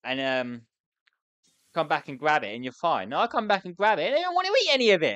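Woman gamer, let's play commentary; stressed, swearing, exasperated rants with a swooping, lively voice, dry close sound. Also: low voice, quick pace, no echo. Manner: exasperated, swearing, ranting at the game; stressed and flustered. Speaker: gamer playing a restaurant sim.

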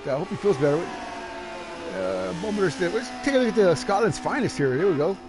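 A man giving casual, joking commentary on an online sim race, excitable and quick to laugh. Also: high-pitched, creaky, over music. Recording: noisy background.

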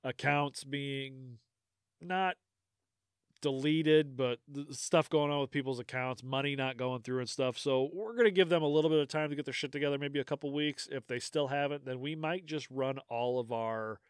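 A man hosting a casual podcast, talking through show plans in a loose, rambling way. His voice is smooth and clear, recorded dry and close with no room sound. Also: medium pitch, normal speed, no room sound. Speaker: podcast host. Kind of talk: casual chat.

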